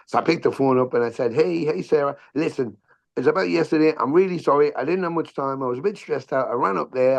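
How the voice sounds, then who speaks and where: Middle-aged man, guest on a chat podcast: lively, profane storyteller who acts out the quotes. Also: mid-range voice, gravelly. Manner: animated storyteller, swears freely, acts out quotes. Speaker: podcast guest, musician and actor. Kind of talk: casual storytelling interview.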